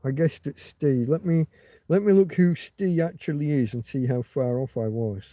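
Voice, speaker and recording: A man's voice: fairly high pitch, normal speed, no echo. A man hosting a casual livestream, rambling and digressing as he chats. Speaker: livestream host. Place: outdoors in a field. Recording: dull lo-fi dry sound.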